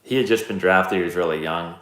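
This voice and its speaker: A man in his thirties hosting a live stream, answering chat questions in a relaxed, rambling, self-deprecating way. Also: low-pitched, fast talker. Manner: laid-back, rambling, self-deprecating storyteller. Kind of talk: casual chat. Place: indoor room, live stream. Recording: roomy echo.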